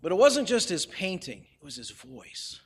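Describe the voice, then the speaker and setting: A man preaching a sermon as a pastor, measured and deliberate, with pauses for emphasis and light humorous asides. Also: on the high side, wildly swooping pitch, slightly rough, big-room sound.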